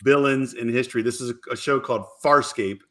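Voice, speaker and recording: A middle-aged man hosts a casual podcast chat. He talks in a loose, rambling way, restarting sentences and getting animated when he tells a story. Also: medium pitch, fairly quick. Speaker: podcast host.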